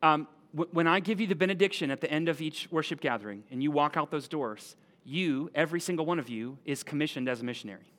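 A man preaching a sermon as a pastor, animated and conversational, often checking in with his listeners. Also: fairly high pitch, fast talker, few pauses. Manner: animated, conversational, asks the room "right?".

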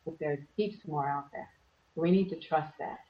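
A woman teaching meditation in an earnest, conversational way, slightly hoarse from losing her voice. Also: deep voice, normal speed. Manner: earnest, plays out little voices in quotes. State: losing her voice, clearing throat. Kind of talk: relaxed conversational advice. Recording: distant, dull lo-fi sound.

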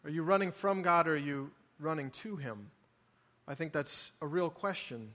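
Earnest high-voiced preacher in a reverberant hall. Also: male voice, animated, normal speed. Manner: earnest, pleading, swings between quiet and emphatic. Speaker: pastor. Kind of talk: sermon. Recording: long reverb of a large hall.

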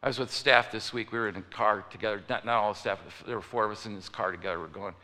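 A man's voice: on the low side, steady tone, fast, pushed and bright. A man preaching a sermon, telling stories and acting out the people in them. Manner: storytelling preacher, acts out voices. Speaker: pastor. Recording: long reverb of a large hall.

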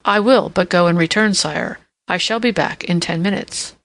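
A solemn, confident minister of police, as a woman narrator puts him on, reporting to his king in formal, earnest tones. The voice has a gravelly texture and a close, dry sound. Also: fairly low pitch, normal speed, dry recording, close to an everyday voice. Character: grave middle-aged male police minister, confident, official.

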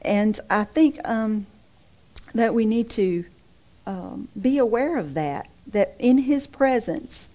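A woman's voice: fairly high pitch, slow pace, mellow. A middle-aged woman, a preacher's wife, delivering an emphatic, repetitive and impassioned sermon.

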